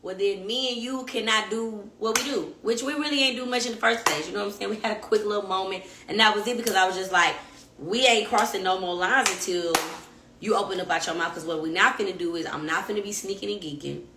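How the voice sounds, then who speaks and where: A young adult woman, hosting a podcast and telling a story in blunt, profane, animated casual talk. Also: mid-range voice, fast, noisy background. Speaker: podcast host. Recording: echoey room.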